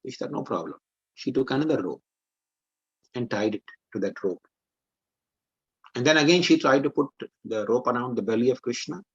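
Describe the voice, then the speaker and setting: Husky-voiced man telling a devotional story. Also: medium pitch, normal speed, pauses often, muffled recording. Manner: animated storyteller with verse quotes. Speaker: preacher. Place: online meeting, video call. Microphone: computer mic on a video call.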